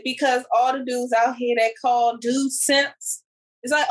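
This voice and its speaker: A woman co-hosting a podcast, retelling stories in animated, slangy casual chat. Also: a little high, measured pace, poor audio. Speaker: podcast co-host.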